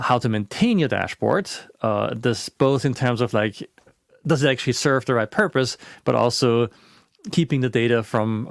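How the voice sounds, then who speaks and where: A man gives a webinar talk in a relaxed, conversational way, often restarting sentences and using fillers. His fairly low voice is creaky, and the studio-quality recording has no echo.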